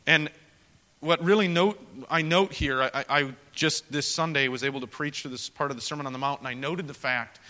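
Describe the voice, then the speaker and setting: A man preaching to fellow pastors in an earnest, storytelling manner, swinging from loud emphasis to quiet confession. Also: fairly high pitch, moderate pace, big-room sound. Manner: earnest, storytelling, rises loud for emphasis then drops soft. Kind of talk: sermon to pastors.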